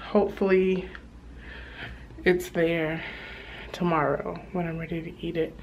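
A woman in her thirties with a low-pitched voice tells a work story straight to the camera, full of animated asides to her viewers. She sounds like a casual travel vlogger. The handheld camera audio carries a steady hiss of noise. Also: measured pace, highs cut off. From Texas. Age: 30s. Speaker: flight attendant vlogger. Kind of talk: casual vlog chat. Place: hotel hallway and room. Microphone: handheld compact camera.

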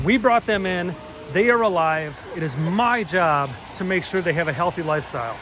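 Strolling beside a pond with a handheld camera, a thirtysomething man talks to his viewers in an earnest, dramatic walk-and-talk vlog. His high voice moves at a normal pace with lively intonation, with outdoor noise around him.

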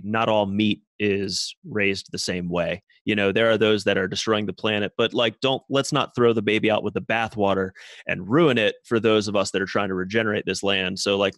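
Podcast guest, low voice, calm and reasoned, super dry mic. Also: male voice, no echo. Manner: measured, reasoned arguing. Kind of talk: casual podcast discussion.

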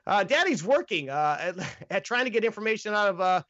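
A man's voice: high voice, very animated, a little fast, bright, forceful tone, dry recording, dull audio. A man hosting a casual comedic movie review podcast, reading scripted jokes with stumbles and laughs. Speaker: podcast host.

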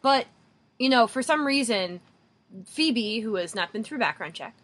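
A woman's voice: a little high, lively intonation, unhurried. A woman co-hosting a podcast, wryly picking apart a TV episode in casual chat, swearing now and then. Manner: wry, critical, swears casually. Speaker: podcast co-host.

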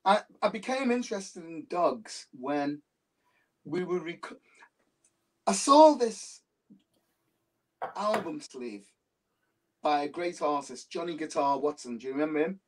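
A man's voice: on the high side, animated, measured pace, pauses often. A man, an interview guest who tells his stories with animation and repeats phrases for emphasis. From Liverpool, England. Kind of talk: casual interview talk. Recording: voice distant from the mic.

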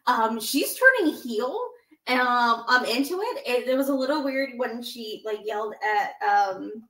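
A woman's voice: fairly high pitch, lively intonation, a bit bright, distant mic. A woman co-hosting a casual wrestling podcast, rambling and restarting her thoughts as she talks. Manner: rambling, self-interrupting, quick to laugh. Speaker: podcast co-host. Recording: echoey room.

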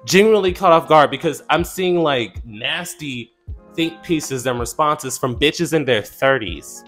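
Man in his twenties, slightly high voice, blunt indignant commentary, soft music behind. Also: lively intonation, measured pace. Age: 20s. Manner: indignant, blunt, swears casually. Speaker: commentary channel host. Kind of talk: reaction commentary.

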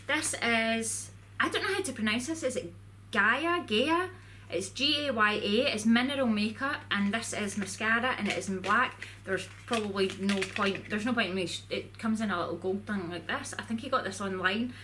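A woman's voice: medium pitch, moderate pace, few pauses, pushed and bright, slight background noise. A woman vlogger chatting casually to camera in a rambling way, full of "like"s.

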